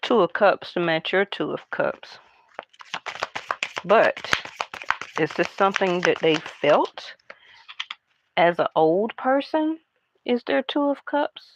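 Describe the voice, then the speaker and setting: A woman doing a casual tarot card reading, talking in a hushed, half-whispered, chatty way to her viewers. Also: fairly low pitch, expressive, slow, pauses often, muffled recording, background noise. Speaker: tarot reader.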